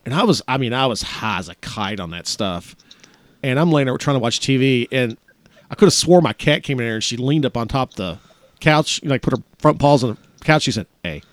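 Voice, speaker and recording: A man's voice: medium pitch, expressive, fairly quick, no echo. A man casually telling a personal story to friends, rambling with restarts.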